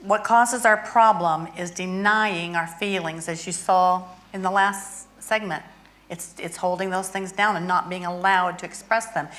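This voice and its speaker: A woman's voice: fairly low pitch, steady tone, unhurried, fairly bright tone, poor audio. Earnest woman explaining a therapy tool. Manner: earnest, demonstrates by acting out feelings. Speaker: guest expert, therapy toy maker. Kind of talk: instructional demonstration.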